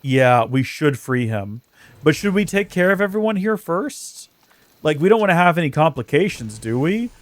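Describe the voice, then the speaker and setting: A man's voice: on the high side, very animated, normal speed, dry recording. A man hosting a let's play, giving chatty, joking gameplay commentary with self-mocking asides.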